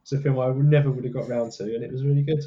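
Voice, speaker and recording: A man's voice: mid-range voice, fairly even intonation, racing, warm tone, muffled recording. A man co-hosting a podcast in casual, jokey, self-mocking chat from a small hot room. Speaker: podcast co-host.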